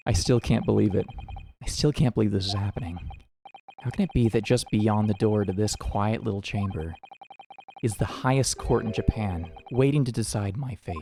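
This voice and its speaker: A man's voice: fairly low pitch, moderate pace, creaky, warm tone, a little hiss or hum, pitched below the performer's own voice. A man reading as a nervous young student on trial. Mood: anxious. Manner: earnest dialogue read aloud from the game.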